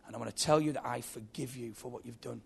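A man voicing a grieving, forgiving pastor who speaks softly and gently, with a gravelly voice. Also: mid-range voice, quick pace, full character voice. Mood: gentle. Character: grieving middle-aged male pastor, calm and forgiving.

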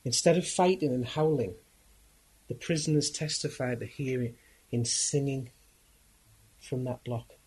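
A man preaching through a dramatic story. He speaks earnestly and with emphasis, pausing and restarting as he goes. His voice is husky. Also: mid-range voice, darkish tone, low-quality recording.

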